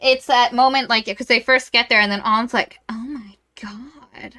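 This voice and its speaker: Podcast co-host, woman, bright tone, animated storyteller who voices characters' lines. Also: on the high side, brisk. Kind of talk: casual book review chat.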